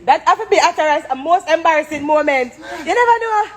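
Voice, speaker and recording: High-voiced Jamaican woman, laughing storyteller. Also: lively intonation, fairly quick. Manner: laughing storyteller mimicking a pleading man. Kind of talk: casual chat.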